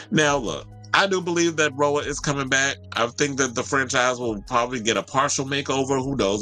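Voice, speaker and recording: A man's voice: mid-range voice, a bit bright. Chatty man hosting gossip commentary. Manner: chatty, opinionated, talks straight to viewers. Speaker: host of a celebrity gossip show. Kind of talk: casual pop-culture commentary.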